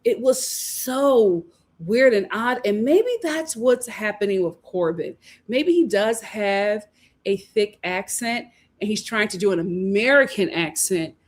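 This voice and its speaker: A woman hosting a casual livestream, reading viewer comments aloud, animated and laughing often as she talks. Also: mid-range voice, unhurried. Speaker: host of a reality TV review livestream.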